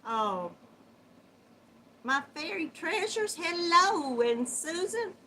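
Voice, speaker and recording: Woman, livestream host, drawn-out speech, very animated pitch. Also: slight background noise. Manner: warm Southern endearments, chatty, laughs often. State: runny nose. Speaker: livestream host greeting viewers. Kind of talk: casual live chat.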